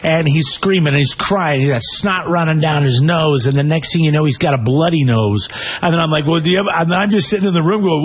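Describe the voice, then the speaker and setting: A middle-aged man on a radio show, telling a family story in a casual, animated way and laughing as he goes. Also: fairly high pitch, normal speed, slightly rough.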